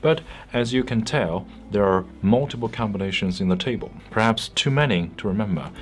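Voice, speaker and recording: Low-voiced man teaching pronunciation. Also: animated, fairly quick. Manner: clear, patient, explanatory. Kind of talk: scripted tutorial narration.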